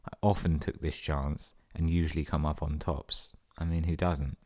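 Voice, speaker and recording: A man with a very low, deep voice reads listener stories on his podcast. He keeps cutting in with sweary, sarcastic jokes between the sentences. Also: little pitch movement, normal speed, darkish tone. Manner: sweary, sarcastic running commentary. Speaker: podcast host. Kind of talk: reading listener emails with comic asides.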